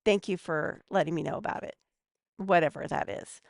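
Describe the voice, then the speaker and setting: A woman's voice: lowish voice, moderate pace, gravelly, no echo, studio quality. A woman giving casual advice as a podcast guest, chatty and a bit snarky.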